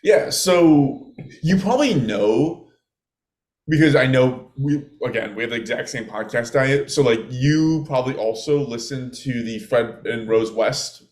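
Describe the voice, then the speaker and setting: A man's voice: medium pitch, unhurried, darkish tone. A man co-hosting a podcast, chatting and joking as he starts telling a true-crime story. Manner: chatty, joking, trails off and restarts. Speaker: podcast co-host. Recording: roomy echo.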